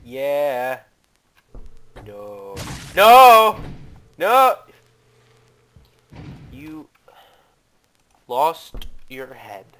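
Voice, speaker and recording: A man doing let's play commentary, talking to his viewers and yelling and cursing at the game as he plays. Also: mid-range voice. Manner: excitable, yells and curses at the game. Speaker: gaming YouTuber.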